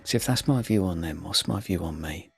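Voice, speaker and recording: A man's voice: deep voice, lively intonation, brisk, creaky, faint music behind. A man talking in character in a tabletop role-play game, blunt and earnest. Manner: blunt, earnest, grows quiet and reflective.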